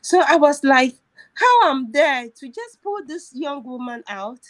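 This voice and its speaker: High-voiced woman telling a personal story. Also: animated, unhurried. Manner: emotional, laughs while recounting, many restarts. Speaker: host. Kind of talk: casual storytelling chat.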